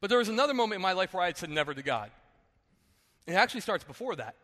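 Pastor, 30s, from New Jersey; high, bright voice, animated sermon storyteller, recorded in a reverberant hall. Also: male voice, very fast. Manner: animated storytelling, jokey asides, acts out quotes. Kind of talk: sermon with personal stories.

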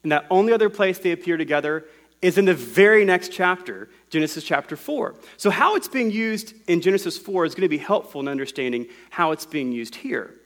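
Higher-voiced man preaching a teaching sermon. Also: animated, brisk, a bit bright. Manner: explains scripture word by word in a teaching tone. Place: room with a congregation.

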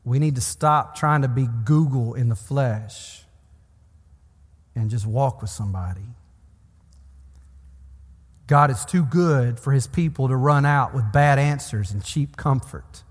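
Earnest preacher in a reverberant hall. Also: male voice, medium pitch, measured pace, long pauses. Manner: earnest, pastoral, rising emphatic repetitions. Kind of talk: sermon.

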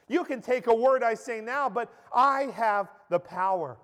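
A man's voice: on the high side, slow. A man voicing a majestic, stern divine king who proclaims his power emphatically. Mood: commanding. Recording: echoey church hall.

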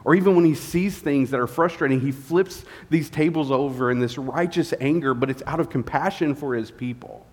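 Tired man preaching in a church hall. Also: mid-range voice. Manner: candid, tired, halting with many fillers. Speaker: guest pastor. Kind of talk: sermon. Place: church sanctuary. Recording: long reverb of a church hall.

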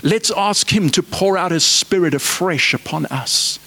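A man's voice: sits high, a little slow, sharp tone. A man preaching a sermon, fervent and exhorting, with repeated rhetorical questions.

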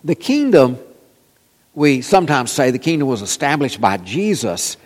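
A man's voice: medium pitch, sing-song, normal speed. A man preaching a sermon, telling folksy stories with frequent fillers. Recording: long reverb in a large hall.

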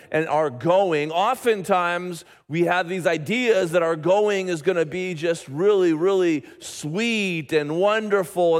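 High-voiced man preaching a sermon. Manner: storytelling, animated, with frequent restarts. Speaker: pastor. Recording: reverberant church hall.

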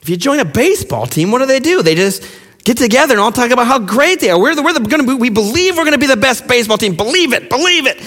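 A man preaching a sermon in a high, lively voice that swings widely between peaks and quiet drops. His impassioned delivery is full of rhetorical questions, and a long hall reverb trails each phrase. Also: racing. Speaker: pastor.

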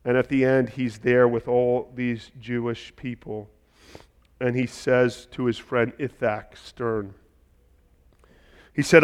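A man preaching a sermon as a pastor, impassioned and building to loud, emphatic delivery. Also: mid-range voice, steady tone, slow, long pauses, clean tone, big-room sound.

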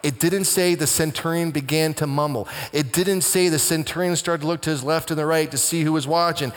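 A male pastor preaching a sermon with dramatic swings between hushed and booming delivery. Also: fairly even intonation, fairly quick, few pauses, in a large hall.

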